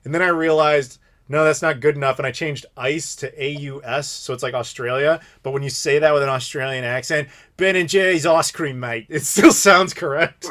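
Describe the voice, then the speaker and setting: A man in his thirties hosts a live stream question session, wandering through stories in easy casual chat. His voice sits a little high and tumbles along with animated asides. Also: brisk. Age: 30s. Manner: rambling, animated storytelling with laughs. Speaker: streamer host.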